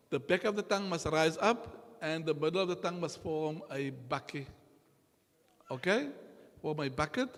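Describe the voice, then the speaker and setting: A man teaching a class in a mosque, slow and patient, repeating each sound for his students to copy. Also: a little high. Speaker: Qur'an recitation teacher. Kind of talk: classroom lesson. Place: mosque hall. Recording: long hall reverb.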